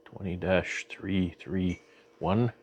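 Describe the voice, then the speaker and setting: A man's voice: deep voice, steady tone, slow, darkish tone, slight background noise. A man with a Canadian accent hosting a beekeeping vlog, talking in an easygoing, rambling way with lots of fillers and restarts. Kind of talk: casual show-and-tell narration.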